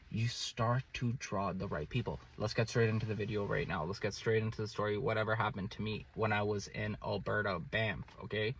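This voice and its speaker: Animated young man with a husky, bright voice. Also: on the low side. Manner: animated, repeats "okay?" often, jumps in loudness. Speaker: vlogger telling a personal story. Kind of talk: casual storytelling to camera.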